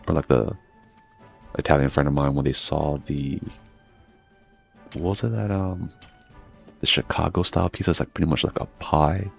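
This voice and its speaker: A man's voice: very deep voice, steady tone, moderate pace, gravelly, long pauses, slightly rough, faint music behind. A man chatting casually while he plays a game, meandering between stories and swearing freely. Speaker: gaming streamer. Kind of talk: casual rambling chat while playing.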